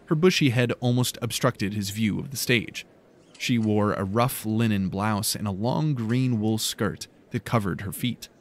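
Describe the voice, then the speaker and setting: A man reading a fantasy audiobook in calm, measured narration. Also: on the low side.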